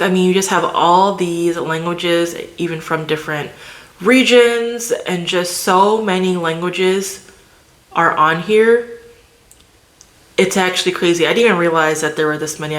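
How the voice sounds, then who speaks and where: A woman's voice: fairly low pitch, fairly bright tone. A woman vlogger chatting casually to the camera, loose and filler-heavy. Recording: roomy echo.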